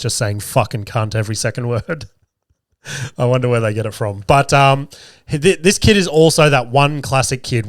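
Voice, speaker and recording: This is an Australian podcast host in his thirties, cursing nonstop while he laughs his way through a casual story. His medium-pitched voice comes across clean, studio-like and echo-free, picked up by a camera with a podcast mic.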